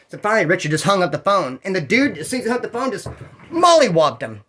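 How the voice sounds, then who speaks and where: A man telling prison stories in a casual, animated way, swearing often and acting out other people's voices. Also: high-pitched, quick pace, slightly rough. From California. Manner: animated, profane, acts out quoted voices. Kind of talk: casual storytelling.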